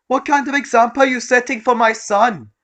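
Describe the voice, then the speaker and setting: A man voicing a furious, entitled middle-aged mother who snaps and demands in a shrill voice. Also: normal speed, a bit bright. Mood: angry scolding. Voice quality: shrill and screeching. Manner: hostile, demanding, snapping.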